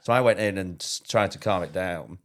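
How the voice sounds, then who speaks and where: A young adult man, a comedian guest on a casual chat, telling animated anecdotes and slipping into quick put-on voices. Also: sits low.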